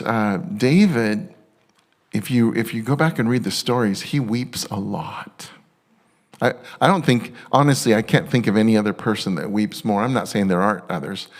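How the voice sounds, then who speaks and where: A male pastor preaching a sermon, excitable and halting with many restarts, turning tender and emotional at times. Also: fairly low pitch.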